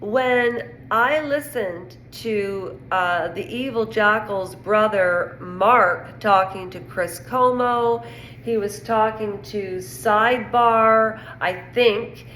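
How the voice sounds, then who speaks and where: A woman's voice: medium pitch, a bit bright. A woman from Canada giving a rambling, indignant casual opinion monologue on pop culture. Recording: echoey room with faint noise.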